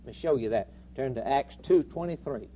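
Animated preacher man, rhythmic and emphatic. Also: mid-range voice, fairly quick. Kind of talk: sermon.

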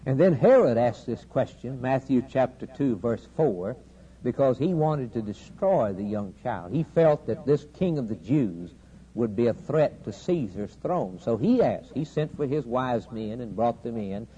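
Man, preacher, sermon, mellow dark tone, emphatic build-ups, dull old recording. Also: medium pitch, animated, a little hiss or hum. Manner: preaching cadence, rising to loud emphatic climaxes, dramatic pauses.

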